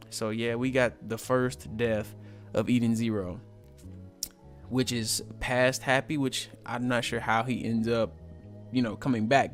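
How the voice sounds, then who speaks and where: A man giving a casual, joking recap of a manga chapter, full of slang and asides. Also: medium pitch.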